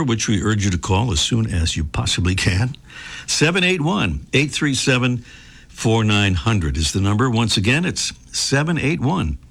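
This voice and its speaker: A man's voice: lowish voice, creaky, a bit bright, breathy edge. A male radio show host reading sponsor credits and bantering easily with his guest. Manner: easygoing, joking banter.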